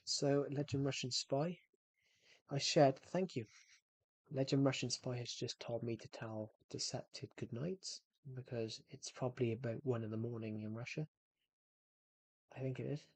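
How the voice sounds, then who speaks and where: A man's voice: medium pitch, normal speed, husky. A male game streamer chatting casually to his audience, humming to himself as he plays. He has a thick accent and a mid-range voice. The sound is dry and close with no room echo. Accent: thick regional accent, not named. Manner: chatty, talks to viewers, hums while playing. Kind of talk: casual gameplay commentary.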